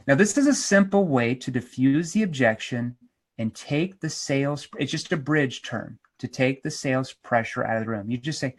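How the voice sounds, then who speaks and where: Male sales trainer, slightly high voice, punchy and emphatic, seminar style. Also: moderate pace. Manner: energetic, emphatic, acts out role-plays.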